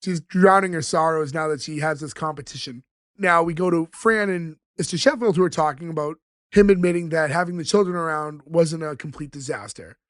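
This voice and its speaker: A podcast co-host casually recaps an episode's scenes, quoting the characters in quick bits. His voice is on the high side, captured in a dry, studio-quality recording.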